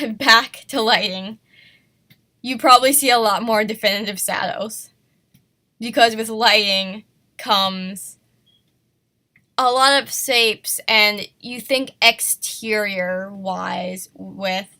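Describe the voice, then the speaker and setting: A woman's voice: on the high side, sharp tone. A woman who is sick, teaching an art lesson in a casual, self-conscious way and apologizing for herself. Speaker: art tutorial host.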